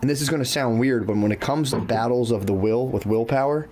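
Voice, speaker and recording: A man's voice: medium pitch, a little fast, a little mellow, slight background noise. A man co-hosting a podcast in loose casual chat, swearing freely, saying "dude" often and acting out his own thoughts. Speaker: podcast co-host.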